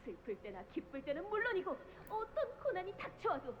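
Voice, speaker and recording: An earnest young knight heroine from a game, with a high, quick voice. She speaks softly and keeps her tone low-key. Her lines sound like voiced game dialogue. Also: sing-song, roomy sound, highs cut off. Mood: wistful.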